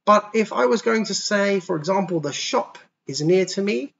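Gravelly-voiced man teaching young kids. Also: high voice, lively intonation, a bit bright, lo-fi sound, a little hiss or hum. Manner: patient, slow, over-articulated pronunciation demos. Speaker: English teacher for young children. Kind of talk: online class for kids.

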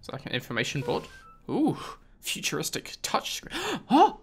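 A man's voice: fairly high pitch, huge pitch swings, moderate pace, faint music behind. A British man commentating a video game, sarcastic and exasperated as he talks back at the game. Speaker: gaming video host. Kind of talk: casual gameplay commentary.

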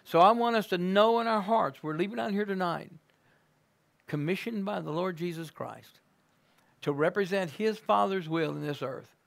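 A man preaching a sermon and praying in a church, swinging between hushed words and loud fervent exclamations. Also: high-pitched, normal speed, creaky. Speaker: guest preacher. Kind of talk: sermon and closing prayer. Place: church sanctuary.

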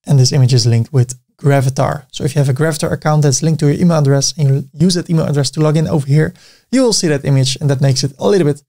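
A Dutch-accented man, native in Dutch, hosts a software walkthrough recorded from his screen, describing every click in sequence and dropping casual side comments. He speaks fast with a rather high voice.

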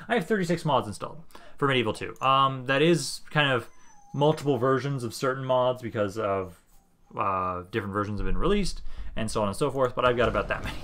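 A man's voice: mid-range voice, animated, fairly quick, a bit bright, slight background noise. A young man from Minnesota live-streaming a strategy game, chatting casually with viewers and cursing now and then. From Minnesota, USA. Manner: chatty and laid-back, swears casually, talks to chat and units. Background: game battle music.

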